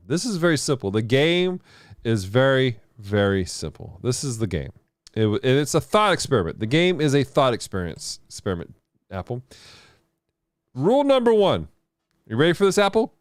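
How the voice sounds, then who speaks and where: Animated male game streamer. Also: mid-range voice, moderate pace, no echo, studio quality. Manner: animated, laughs often, reads viewer comments aloud. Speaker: game streamer and show host. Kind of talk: casual livestream chat.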